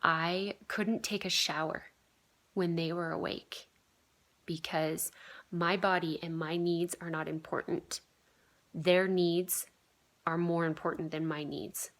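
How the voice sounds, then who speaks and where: A woman in her thirties speaks in a somewhat low voice, telling a personal story with an earnest, reflective manner. She leans on fillers and lets many phrases fade into a breathy whisper. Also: fairly bright tone. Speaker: vlogger sharing a healing story.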